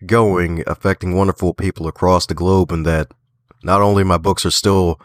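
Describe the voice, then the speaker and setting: A man from the Baltimore area, an author and podcaster, telling stories in a lively, folksy way during a remote interview. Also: low voice, moderate pace, no echo, clean studio sound. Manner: animated storyteller, folksy phrasing, laughs often. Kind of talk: casual conversational interview.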